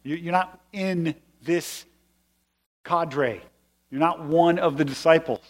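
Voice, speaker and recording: A man's voice: fairly high pitch, slow pace. A male pastor giving a sermon in a conversational, explanatory way with emphatic stresses. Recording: long hall reverb.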